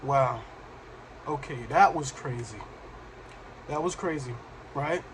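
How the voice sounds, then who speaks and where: A man hosting a reaction show, commenting in a reflective, halting way with fillers. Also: mid-range voice, a little hiss or hum, rough recording. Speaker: host.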